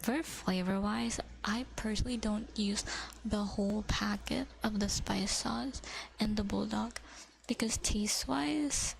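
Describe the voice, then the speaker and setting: A young woman livestreaming ASMR, chatting in whispered livestream chat that slips between soft whispers and a casual speaking voice, with the odd swear. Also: mid-range voice, fairly even intonation, unhurried, vocal fry, slight background noise, poor audio. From Philippines.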